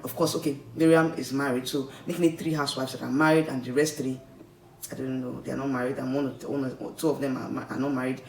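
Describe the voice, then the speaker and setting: A man's voice: medium pitch, gravelly. A man with a Nigerian accent, vlogging casual commentary in a rambling, chatty way that keeps checking in with the listener. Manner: chatty, rambling, keeps tagging "okay?" and "like, seriously". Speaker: vlogger reviewing a reality show. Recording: echoey room, distant mic, faint noise.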